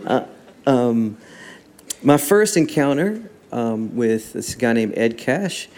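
Male guest, mid-range voice, relaxed storytelling with acted-out dialogue. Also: mid-range voice, takes it slowly. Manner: animated storyteller acting out dialogue. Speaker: worship songwriter and guest. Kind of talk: casual storytelling interview.

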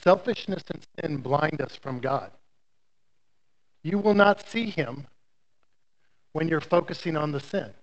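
A man preaching with lively, story-driven energy and playful asides to his congregation. His voice sits high for a man. The recording sounds dull and lo-fi. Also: unhurried, long pauses. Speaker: pastor. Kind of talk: sermon.

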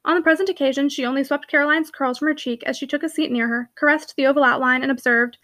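A woman reading a classic novel aloud, narrating briskly with lightly voiced dialogue. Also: high voice, steady tone, a bit bright. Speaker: audiobook reader.

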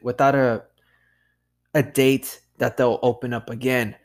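Male podcast host, casual solo monologue, unhurried delivery, swears freely and calls everyone "dude". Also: medium pitch. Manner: loose and profane, peppered with "dude"; laughs at himself.

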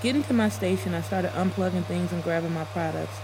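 A woman's voice: lowish voice, fairly quick, background noise. A woman narrating a dramatic first-person story in a blunt, profane, emotional way.

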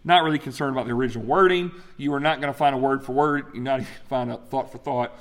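A pastor teaching a sermon with slides, talking in an animated, emphatic way with frequent fillers and restarts. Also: male voice, mid-range voice, rapid-fire, long reverb tail.

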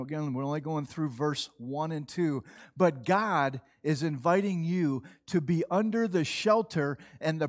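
High-voiced earnest male pastor preaching. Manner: conversational, earnest, with slow emphatic phrases. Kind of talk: sermon.

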